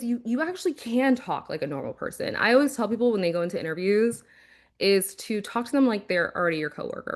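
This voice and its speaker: A woman with a mid-range voice talks through job-hunting advice in a relaxed, chatty way. She stays animated, often slips into quick acted-out quotes, and sounds like a former recruiter sharing what she has seen. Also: mid-range voice. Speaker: former recruiter and career coach. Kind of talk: casual career-advice talk.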